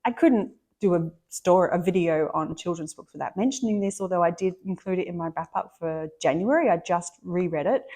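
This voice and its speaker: A middle-aged Australian woman, a book vlogger, chats enthusiastically and casually about books she loves, often restarting sentences. Her voice is lowish and warm, fairly quick, with hardly any pauses.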